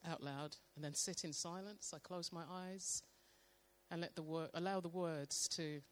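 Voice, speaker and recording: A woman sharing a calm devotional testimony and leading a slow, meditative guided prayer. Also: on the low side. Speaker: church member sharing testimony.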